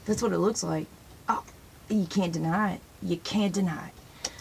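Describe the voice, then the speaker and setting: A woman hosting a casual show-and-tell video, excitedly pointing out pictures in books and dropping in praise phrases as she rambles. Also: lowish voice, moderate pace, vocal fry, a little hiss or hum, low-quality recording. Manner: sprinkles praise phrases into talk. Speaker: religious video host.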